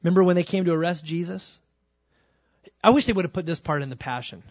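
A man preaching a sermon. He talks in an animated way and acts out the scripture scenes with quick shifts of voice. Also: fairly high pitch, no echo. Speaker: pastor.

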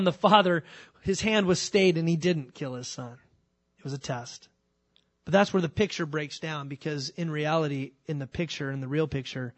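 A man preaching a sermon. He talks in an animated way and acts out the scripture scenes with quick shifts of voice. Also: a little high, no room sound. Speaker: pastor.

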